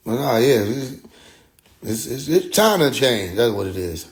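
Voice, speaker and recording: A young man hosting a podcast tells a story in an unhurried, medium-pitched voice, keeping it casual, animated and profane while occasionally mimicking other people's voices.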